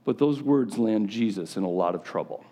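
A man's voice: lowish voice, lively intonation, normal speed, warm tone. A man preaching a sermon to a gathering of men in a conversational style, often putting questions directly to his listeners.

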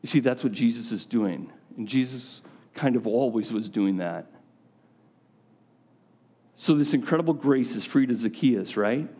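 A man delivers a sermon to a gathering of men, his voice sitting at an ordinary mid pitch. He talks conversationally, drawing his listeners in with frequent direct questions. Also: a little slow, pauses often, dark tone, husky. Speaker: preacher.

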